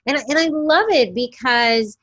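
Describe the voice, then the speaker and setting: A woman's voice: sits high, normal speed, dry recording, lo-fi sound. A woman in her forties from New York, telling stories in an interview and acting out quoted voices. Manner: animated, acts out quoted voices. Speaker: guest, newborn photographer. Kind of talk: interview storytelling.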